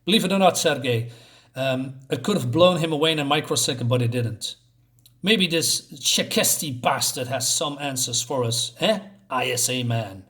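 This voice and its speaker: A man's voice: mid-range voice, animated, normal speed, a bit bright, close to an everyday voice. A tough, suspicious woman soldier read out by a man with a light mock Russian flavor. It is plain reading from comic panels, not full acting.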